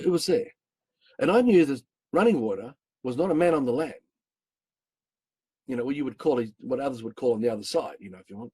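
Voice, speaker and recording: A man recounts spiritual encounters in a rambling, emphatic way, breaking into curses when worked up. His voice is husky and sits at a middle pitch. The sound is dry and close, with no room around it. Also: mellow, dry recording. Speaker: storyteller recounting spiritual experiences. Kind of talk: personal testimony, casual.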